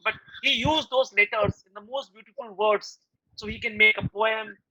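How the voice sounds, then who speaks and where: Bright-voiced Indian man giving advice. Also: high-pitched, steady tone, normal speed, no room sound, low-quality recording. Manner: earnest, advising, simple non-native English phrasing. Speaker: advertising creative, guest speaker. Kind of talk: talk to art students.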